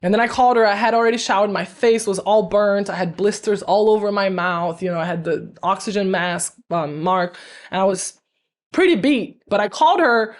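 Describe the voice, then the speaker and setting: A woman from Brazil, a podcast guest, telling stories in an animated way and laughing often as she talks. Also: mid-range voice, normal speed. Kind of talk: storytelling in a podcast interview.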